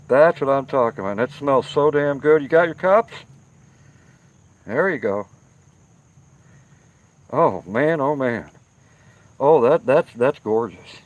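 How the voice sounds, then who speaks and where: This live-stream host sits outdoors by a firepit, reading viewer comments and talking with his audience in a relaxed way. He speaks at a measured pace in a mid-range voice with lively intonation, pausing often and repeating things for stress.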